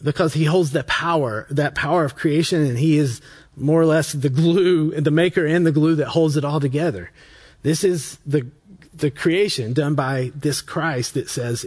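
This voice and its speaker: A man's voice: a little high, husky. Casual, self-correcting male pastor. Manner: conversational, self-correcting, with frequent restarts and fillers; reads scripture aloud in a slower, quieter voice. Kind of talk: sermon.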